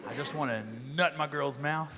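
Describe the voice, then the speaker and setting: A middle-aged man performing a profane, swaggering stand-up comedy set, acting out shouted quotes, on stage with a handheld mic. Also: fairly high pitch, in a large hall. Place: comedy stage before a live audience. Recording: live room with crowd laughter and noise.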